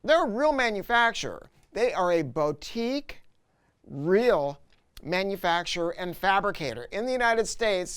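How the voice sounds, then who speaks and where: A middle-aged man presenting an audio product review, telling stories in an emphatic, animated way. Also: high voice, clear, resonant tone. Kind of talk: casual product review talk.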